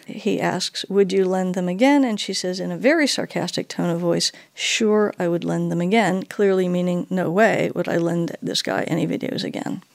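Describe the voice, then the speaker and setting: A woman's voice: on the low side, normal speed, vocal fry, few pauses, dry recording, clean studio sound. A woman being interviewed, telling her own story with animation and acting out the dialogue she recounts. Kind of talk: personal storytelling.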